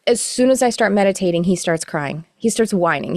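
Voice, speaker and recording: A middle-aged woman teaching a live online class, explaining in a relaxed, rambling way with self-corrections. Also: medium pitch, moderate pace, hardly any pauses, no room sound, studio quality. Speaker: course teacher. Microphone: video call.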